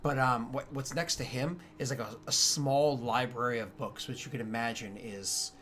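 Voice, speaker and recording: A man's voice: mid-range voice, fairly even intonation, moderate pace, a bit bright, slight background noise. Rambling man running a tabletop game. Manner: rambling, many fillers and restarts. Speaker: game master.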